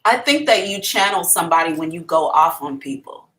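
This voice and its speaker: Woman psychic on a live stream, bright sharp voice, cusses a lot, very animated. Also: fairly low pitch, a little fast. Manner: blunt and profane, animated storytelling. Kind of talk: casual live reading.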